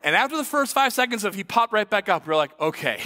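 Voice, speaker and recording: Pastor, man, 30s: lively sermon storytelling, acts out the voices, bright ringing tone with long church reverb. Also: high-pitched, fast. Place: church sanctuary. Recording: echoey church hall.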